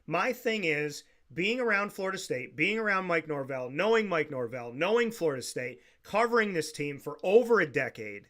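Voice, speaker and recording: A man's voice: on the high side, sing-song, moderate pace, hardly any pauses, bright, forceful tone. A man co-hosting a sports talk show, insistently repeating his point in a heated debate.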